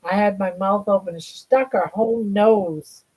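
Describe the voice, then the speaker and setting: A woman's voice: medium pitch, moderate pace, mellow, slightly rough, low-quality recording. An older woman hosting a casual livestream chat from home, cooing to her pets in baby talk. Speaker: livestream host.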